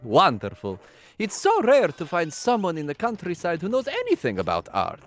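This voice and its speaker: A man's voice: sits high, wildly swooping pitch, moderate pace. A man voicing a genteel, gossipy middle-aged nobleman who loves art, in a live voice-over of game dialogue. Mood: eager.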